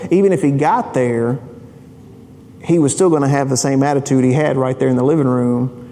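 A man's voice: fairly high pitch, a little mellow. Man, pastor, sermon, storytelling with rhetorical questions, long hall reverb.

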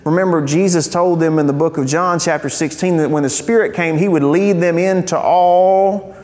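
A man's voice: on the high side, steady tone, normal speed, a little mellow. A man preaching a sermon as pastor, conversational and earnest, with frequent fillers. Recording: church hall with long reverb.

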